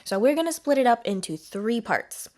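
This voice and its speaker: A woman's voice: a little high, animated, normal speed, darkish tone. A woman co-hosting a podcast, patiently teaching vocal riffs step by step and singing short demonstrations. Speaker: vocal coach and podcast co-host. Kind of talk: vocal riff lesson.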